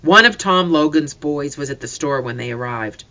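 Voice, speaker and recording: A warm, emotional farm mother speaks tenderly and earnestly, acted out by the story's reader. Her voice stays bright with lively pitch. It is a storybook reading. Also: normal speed, muffled recording. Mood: calm. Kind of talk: audiobook character voice.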